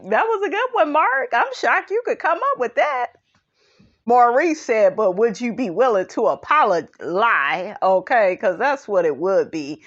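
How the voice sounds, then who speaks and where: A woman giving a sassy, animated casual commentary recap of a reality show, tossing in "honey" and "okay" as she goes. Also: a little slow, lo-fi sound. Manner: sassy, animated, sprinkles 'honey' and 'okay'; breaks into high laughing impressions.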